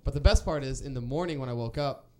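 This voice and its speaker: A man's voice: medium pitch, fast. A young man telling a story in casual chat, rambling and restarting often. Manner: rambling, many restarts and fillers.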